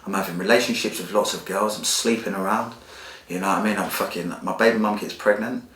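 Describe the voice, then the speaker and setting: A very deep-voiced man, talking bluntly and with feeling, full of street slang and swearing. He tells his story as a podcast guest. The room around him is echoey. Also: steady tone, fast, fairly bright tone. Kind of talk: candid personal storytelling.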